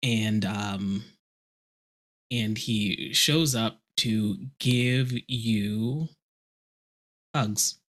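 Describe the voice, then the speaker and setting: A man's voice: on the low side, very slow, long pauses, fairly bright tone. Hesitant man guessing aloud on a podcast. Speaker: podcast co-host. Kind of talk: casual podcast chat.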